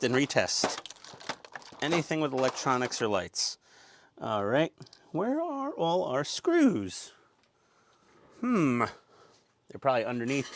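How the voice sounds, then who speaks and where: A man with a middle-pitched voice hosts a relaxed model-kit build, cracking jokes and rambling as he unpacks parts. He talks into a lapel mic, teasing himself along the way. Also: slight background noise. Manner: jokey, self-mocking, rambling. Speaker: host. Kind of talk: casual hobby build vlog.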